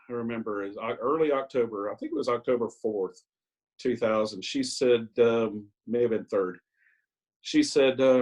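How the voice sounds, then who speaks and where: A man's voice: medium pitch, darkish tone, husky, rough recording. A man in his sixties giving a personal recovery share on a video call, telling his story candidly with self-mocking asides and hesitant ums. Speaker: Al-Anon speaker.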